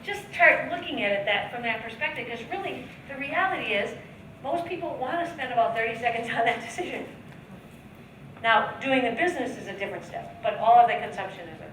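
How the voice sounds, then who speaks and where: A woman giving a motivational sales training talk at a seminar, coaching the audience with rhetorical questions and acted-out sales pitches. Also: lively intonation, a little fast, a bit bright. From United States. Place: seminar room, heard from a distance. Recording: echoey room, distant mic, faint background noise.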